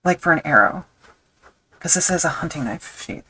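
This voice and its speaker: Low-voiced woman chatting while crafting. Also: expressive, moderate pace, pushed and bright, slight background noise, rough recording. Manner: rambling, self-deprecating, thinks aloud with fillers. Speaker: leatherworking streamer. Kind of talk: casual chat while crafting on a live stream.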